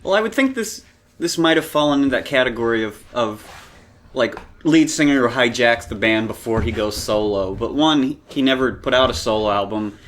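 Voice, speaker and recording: A man's voice: mid-range voice, expressive, moderate pace, a bit bright. A man co-hosting a casual album podcast, talking in a rambling, hesitant way. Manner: rambling, hesitant, many fillers. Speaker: podcast co-host. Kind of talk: casual chat about music.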